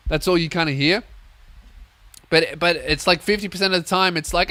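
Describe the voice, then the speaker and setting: A young man hosting a comedy podcast, telling a story as a sweary, animated rant. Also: fairly high pitch, fairly quick, no room sound. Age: young adult. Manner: swearing, animated, acts out voices.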